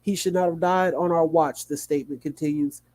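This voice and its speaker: A man hosting a livestream, reading a news article aloud in a sleepy, yawning way, with small slips and quick asides to his chat. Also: on the high side, steady tone, darkish tone. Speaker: livestream host.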